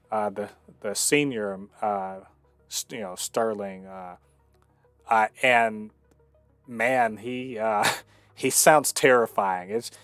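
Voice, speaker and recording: A man hosting a casual TV review, talking with many fillers and restarts but clear enthusiasm. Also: medium pitch, no room sound. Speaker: show host reviewing a TV episode.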